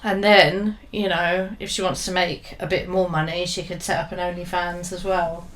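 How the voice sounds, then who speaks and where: A woman with a fairly low voice co-hosts a podcast in relaxed conversation. She thinks aloud as she goes, often dropping into quiet, trailing asides. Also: moderate pace. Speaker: podcast co-host and storyteller. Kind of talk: casual chat.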